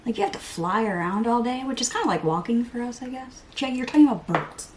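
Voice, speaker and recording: Fast and expressive with a fairly high pitch, a woman rambles through a chatty get-ready-with-me vlog as she applies makeup, mocking herself, laughing and putting on playful voices. Background noise is audible.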